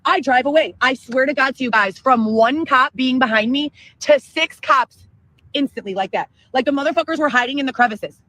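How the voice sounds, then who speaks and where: A woman telling a long profane story in an excitable livestream rant. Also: high-pitched, normal speed, dry recording, low-quality recording. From Chicago area, Illinois. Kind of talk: ranting livestream monologue.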